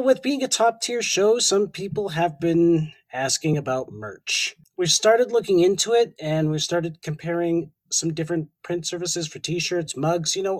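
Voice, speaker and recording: A man's voice: on the high side, dry recording, rough recording. A Canadian man co-hosting a podcast, chatting casually, joking and laughing easily. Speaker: podcast co-host.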